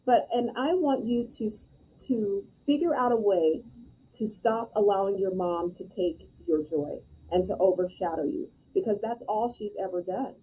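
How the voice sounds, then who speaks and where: A woman hosting a podcast interview, asking gentle probing questions and affirming her guest. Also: medium pitch, normal speed, a little hiss or hum, poor audio. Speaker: podcast host.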